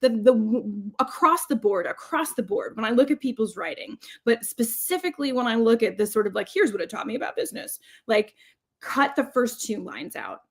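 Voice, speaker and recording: A woman's voice: on the high side, expressive, moderate pace. Chatty rambling woman podcast co-host. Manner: rambling, self-interrupting, laughs often. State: juggling childcare while talking. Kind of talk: casual podcast chat.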